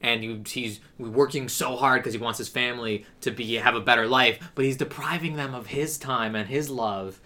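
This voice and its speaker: Man, bright forceful voice, eager plot recap, casual podcast chat. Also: medium pitch, normal speed, few pauses. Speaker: podcast co-host.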